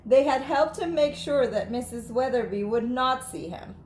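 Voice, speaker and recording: Animated woman reading a storybook aloud. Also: a little high, moderate pace, a little hiss or hum. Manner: animated, playful narration. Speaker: teacher. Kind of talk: children's storybook read-aloud. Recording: echoey room.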